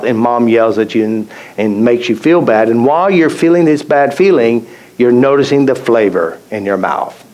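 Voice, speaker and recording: A man's voice: medium pitch, darkish tone, rough recording. Storytelling man teaching a live seminar. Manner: storytelling, repeats phrases, acts out quotes. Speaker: tapping therapy teacher. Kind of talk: live seminar talk with stories.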